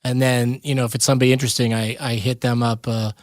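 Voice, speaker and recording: A man's voice: mid-range voice, level tone, fast talker, no echo, studio quality. A man hosting a podcast, telling stories in a wry, joking way and laughing often. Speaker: podcast host. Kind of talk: casual interview chat.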